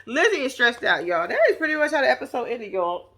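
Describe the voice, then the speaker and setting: Sassy bright-voiced woman recapping TV. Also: sits high, very animated, moderate pace. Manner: blunt, sassy, laughs often; slangy and profane, addresses viewers directly. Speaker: vlogger recapping a reality show. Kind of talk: casual reaction commentary.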